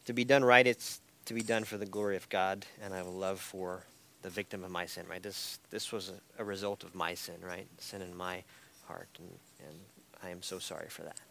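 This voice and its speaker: A man's voice: low voice, flat delivery, brisk, gravelly, hardly any pauses, fairly bright tone, a little hiss or hum. A man teaching an interactive Bible study class in a church room. He tags his points with "right?" and light chuckles.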